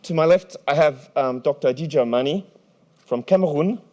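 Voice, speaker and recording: A man moderating a conference panel in a large hall, energetic and playful, often restarting his sentences. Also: fairly high pitch, moderate pace.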